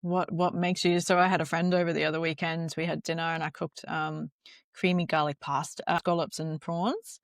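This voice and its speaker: A woman's voice: low voice, a little fast, vocal fry, no room sound, clean studio sound. A mother chatting casually and telling stories, putting on voices for the quotes. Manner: lively storyteller acting out quotes. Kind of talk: casual chat.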